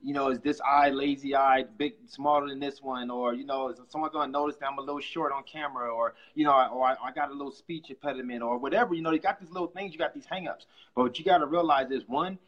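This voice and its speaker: A quick-talking man with a husky, slightly breathy voice, coming through a muffled lo-fi live stream. He makes his points with emphatic energy and sounds animated. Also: medium pitch. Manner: fast, emphatic, animated storytelling. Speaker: network marketer and guest. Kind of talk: casual live-stream chat.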